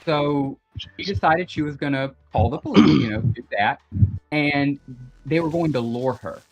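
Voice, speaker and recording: A man's voice: a little high, expressive, moderate pace. A young man telling a story in a casual group voice chat, rambling and full of "like" and "you know". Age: young adult. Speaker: guest on a gaming stream. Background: faint background music.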